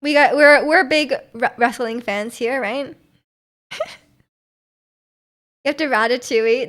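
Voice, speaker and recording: A young woman with a high, light voice hosts a livestream from her home streaming setup. She chats casually into her streaming mic and reads viewer messages aloud. She giggles often and fills pauses with "um" and "like". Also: fairly bright tone. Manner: chatty and giggly, with frequent laughs and filler words. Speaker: livestream host.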